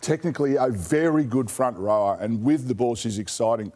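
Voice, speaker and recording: A man giving measured, analytical rugby commentary. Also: mid-range voice, mellow. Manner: measured, analytical, tag questions. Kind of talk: sports commentary.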